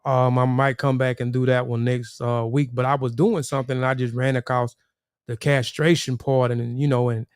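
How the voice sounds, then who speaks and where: A man talks loosely to his livestream chat, circling back and repeating himself. His voice is smooth and resonant, with a dry, close sound. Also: mid-range voice, level tone, moderate pace, no room sound. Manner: rambling, repeats words, addresses chat viewers. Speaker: livestream host.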